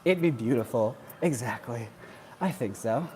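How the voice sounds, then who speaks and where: This man from Wisconsin chats and jokes on his livestream during a cardio workout, laughing frequently. His medium-pitched voice is animated and dark-toned at a moderate pace, with a little hiss or hum on the recording.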